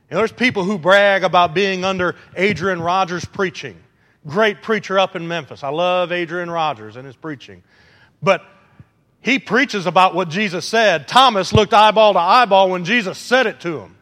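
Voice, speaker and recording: A preacher with a high, bright voice delivers an animated sermon, teasing the congregation and acting out quotes. His words ring out with a long reverb in a church hall. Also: moderate pace.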